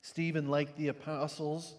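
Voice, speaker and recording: A pastor giving a sermon, dropping to quiet, low reflection and rising to loud, emphatic preaching. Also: male voice, level tone, measured pace, long reverb tail.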